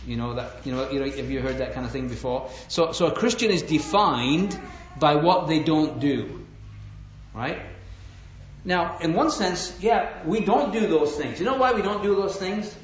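A man's voice: fairly high pitch, moderate pace, slight background noise. Earnest middle-aged male preacher, roomy hall. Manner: earnest, repeats "right?" to the audience; restarts and stammers often. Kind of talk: sermon. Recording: roomy, dull live hall recording.

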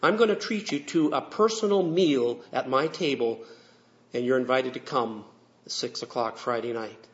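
A man's voice: mid-range voice, moderate pace, lightly acted. A man playing a stern, proud landlord in a sermon story, firm and warning. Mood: gracious. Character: stern wealthy male landlord, proud and scheming. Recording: dull lo-fi recording.

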